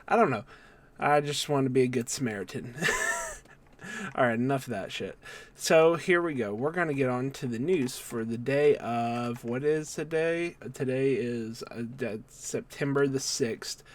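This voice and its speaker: A man talks through the day's wrestling news on his own channel. His voice sits at a middle pitch for a man, and he rambles in a relaxed, offhand way, trailing off and correcting himself mid-sentence. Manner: rambling, loose, with many fillers and self-corrections. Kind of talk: casual solo news recap.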